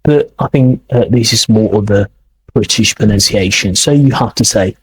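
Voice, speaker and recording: A man hosting an English podcast lesson, explaining slowly and repeating words to model their pronunciation. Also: lowish voice, slight background noise, rough recording. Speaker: English teacher, podcast host. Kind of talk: accent lesson commentary.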